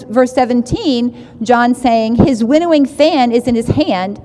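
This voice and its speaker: A woman leads a Bible study, reading verses and explaining them in a loose, conversational way, often circling back and checking in with her listeners. Her voice sits a little high, and a long reverb trails after her words as if she is in a large room. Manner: conversational, restarts phrases, asks "right?". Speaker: Bible teacher.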